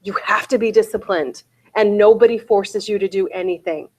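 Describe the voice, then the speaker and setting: A woman's voice: mid-range voice, moderate pace, darkish tone. A woman in her forties giving a real estate sales bootcamp talk, often asking her audience "right?" and "okay?".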